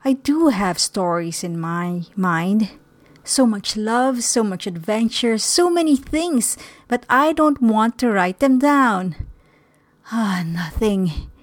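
A woman's voice: medium pitch, lively intonation, slow pace, no echo. A woman reading the part of a troubled young man who prays for a sign, in an anxious, doubting voice. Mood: wistful.

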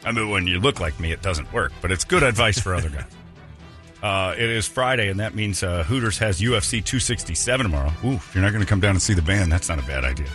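Lively joking male radio host. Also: low-pitched, quick pace, soft background music. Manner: joking, laughs often, breaks into impressions. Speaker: radio morning show host. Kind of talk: casual radio banter. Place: radio studio. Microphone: studio microphone.

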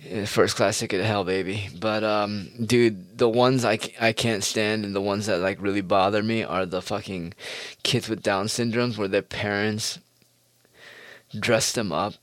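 Low-voiced, foul-mouthed man ranting. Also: steady tone, unhurried, no room sound. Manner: profane, rambling, mocking. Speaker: podcast host. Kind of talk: casual solo podcast monologue.

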